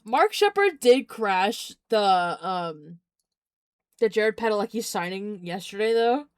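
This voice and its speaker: A woman's voice: medium pitch, animated, slow, smooth, no echo, clean studio sound. A young adult woman streamer chatting casually, rambling, giggling often, and repeating herself. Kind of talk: casual chat.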